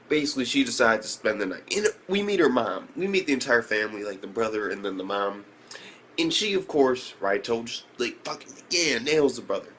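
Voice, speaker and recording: A man's voice: fairly bright tone, a little hiss or hum. Profane rambling male anime reviewer. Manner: profane, rambling, with shrill disbelieving outbursts. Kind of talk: casual recap review.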